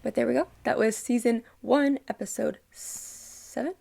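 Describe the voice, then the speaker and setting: A woman's voice: on the high side, steady tone, fairly quick, gravelly, mellow. A young woman hosting a reaction video, talking casually and emotionally, ranting and swearing freely.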